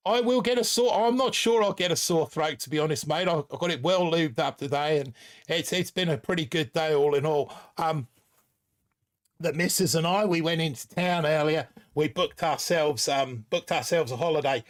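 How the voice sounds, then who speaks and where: A man's voice: fairly high pitch, moderate pace. Chatty man in his forties, put-on Australian accent. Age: 40s. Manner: chatty, rambling, reads viewer comments aloud. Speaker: live stream host. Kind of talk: casual live stream chat.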